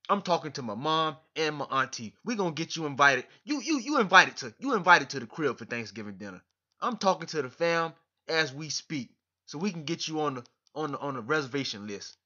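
A man's voice: medium pitch, bright, forceful tone. A man talking straight to camera in a vlog, effusive and emotional, repeating himself and dropping "man" at the ends of sentences. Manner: effusive, repetitive, keeps saying "man"; emotional, grateful. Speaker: boxing fan vlogger. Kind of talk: direct-to-camera vlog address. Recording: dull lo-fi recording.

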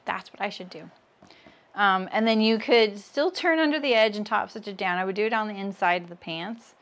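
A woman in her thirties hosting a relaxed sewing livestream. She chats easily with her viewers, answers their comments and laughs at her own jokes, her voice sitting at an ordinary middle pitch. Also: a little fast. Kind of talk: casual livestream chat while sewing.

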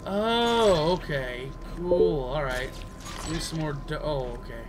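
A man's voice: fairly high pitch, takes it slowly, noisy background. A man giving casual gameplay commentary as a let's player, goofy and joking, chatting to the characters on screen. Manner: goofy, jokes and talks to game characters.

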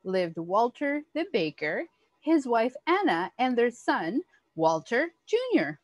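Slow, lively woman reading a story aloud. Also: fairly high pitch, no room sound. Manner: expressive, animated storytelling with gasps. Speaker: early childhood educator. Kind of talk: picture book read-aloud for children.

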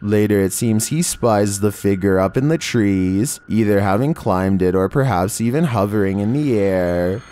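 Male narrator, deep-ish voice, dark mellow tone, steady ominous scripted narration, slow drawn-out titles. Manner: measured, ominous delivery with slowed, drawn-out titles. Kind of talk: scripted horror countdown narration.

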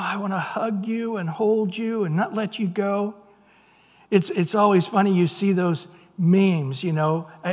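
A middle-aged pastor preaches in an earnest, conversational way, his voice sitting high for a man. He drops into playful put-on voices now and then. Long reverb hangs behind him in the sanctuary. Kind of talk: sermon. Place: church sanctuary.

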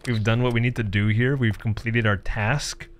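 A man's voice: mid-range voice, steady tone, normal speed. A man doing comedic commentary while playing a horror game, joking, sarcastic, laughing often and reading the game's text aloud. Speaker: gaming streamer.

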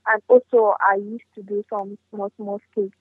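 A woman's voice: mid-range voice, little pitch movement, normal speed, breathy edge, dry recording, phone-quality sound, soft background music. A woman comedian and actress, answering interview questions in a chatty way and often saying "you know".

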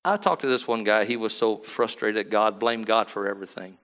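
Pastor guy preaching, bright tense voice, goes quiet then booms, keeps asking the room to agree. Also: fairly quick. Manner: swings from low murmurs to loud emphatic bursts; asks the congregation for agreement. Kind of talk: sermon.

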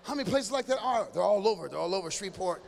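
A male stand-up comedian riffing with someone in a live audience, teasing loudly and breaking into sudden shouted bursts. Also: sits high, animated, racing, creaky. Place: large church hall before a live audience. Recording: reverberant hall with faint ambient noise.

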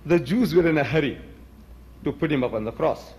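A man's voice: fairly high pitch, fairly quick, a little mellow, husky. An older man giving a debate speech, telling his story with animation and acting out both sides of the exchange. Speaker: public debater.

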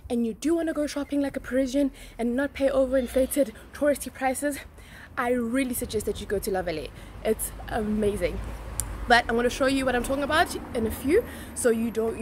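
A woman's voice: fairly high pitch, brisk, slight background noise. A young adult woman vlogging to camera in a chatty, bubbly, slangy way. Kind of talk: casual vlog to camera.

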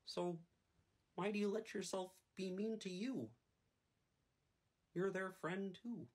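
A woman doing an impression of a gentle, earnest male frog puppet, giving a soft, encouraging pep talk. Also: medium pitch, steady tone, slow, slightly rough.

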